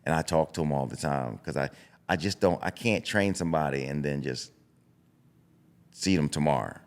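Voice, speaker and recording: This middle-aged boxing coach has a very deep voice and talks at a normal speed. Blunt and animated in a casual podcast chat, he acts out self-talk in different voices.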